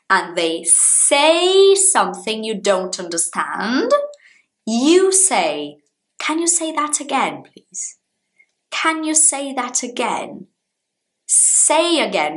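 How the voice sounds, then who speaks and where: A woman with a Brazilian Portuguese accent, a native Portuguese speaker, teaching an English lesson in a casual, animated way and acting out example sentences. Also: medium pitch.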